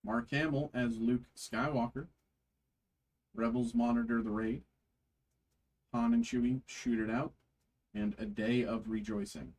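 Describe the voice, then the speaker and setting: A man hosting a trading card break, reading card names aloud slowly with frequent fillers. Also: mid-range voice, fairly even intonation, darkish tone, poor audio.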